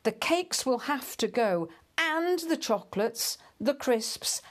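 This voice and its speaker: Lady reading a storybook, doing a stern bossy old wife, higher voice, slow and firm. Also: expressive, full character voice. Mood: brisk. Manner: firm and scolding.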